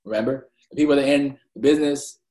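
A man's voice: medium pitch, fairly even intonation, fast, mellow. A man co-hosting a casual chat, rambling as he retells scenes and acts out characters' lines. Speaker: podcast co-host. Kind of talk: casual chat recapping an anime. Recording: echoey room.

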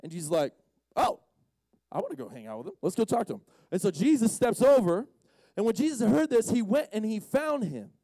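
A man giving a casual, storytelling sermon, animated and slangy, acting out the characters as he retells the story. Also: high voice, fairly quick, no room sound. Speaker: speaker at a Friday night session.

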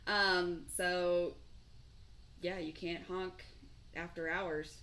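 A woman co-hosting a casual podcast, talking in an animated, slangy way and acting out little quoted bits. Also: on the low side, drawn-out words. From Nevada. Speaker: podcast co-host. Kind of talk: casual chat.

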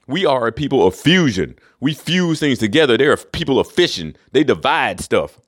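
A man's voice: very animated, normal speed, a bit bright. Profane man ranting on his podcast. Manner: profane, emphatic ranting with swings in pitch. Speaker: podcast host. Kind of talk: casual solo monologue.

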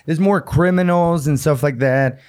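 A man's voice: on the high side, normal speed, a little mellow. A man co-hosting a casual podcast, joking and swearing freely, with a slight lisp from fake vampire teeth. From Amarillo, Texas. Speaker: podcast co-host. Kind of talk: casual chat.

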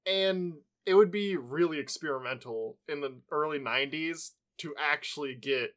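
High-voiced joking male co-host. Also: normal speed, fairly bright tone. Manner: joking, laughs easily, swears. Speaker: podcast co-host. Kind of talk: casual film discussion.

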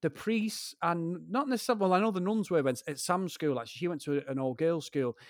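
Manc guy rambling on, swearing a lot, slightly higher voice, dry close sound. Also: a little fast, no room sound. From Greater Manchester, England. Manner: rambling storyteller, swears freely, keeps addressing his co-host. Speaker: podcast co-host. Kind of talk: casual chat.

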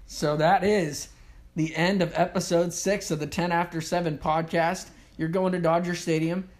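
A man's voice: on the high side, little pitch movement, moderate pace. A man hosting a podcast, chatting casually, teasing his co-host and laughing often. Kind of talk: casual chat.

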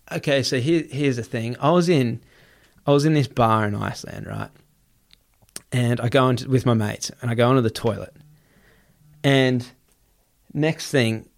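In a relaxed chat, a guest races through an outrageous story full of profanity, with his sentences running together. His voice is mid-range and gravelly.

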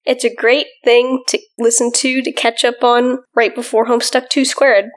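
A woman's voice: fairly high pitch, little pitch movement, normal speed. A woman co-hosting a casual podcast, joking around in a sarcastic, playful way. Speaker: podcast co-host.

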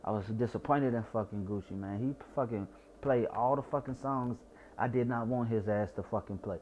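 A man's voice: medium pitch, normal speed, dull audio, slight background noise. A young man from Georgia with a Southern accent, slightly tipsy, rambling and repeating himself with stutters in a casual profane monologue. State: tipsy from wine.

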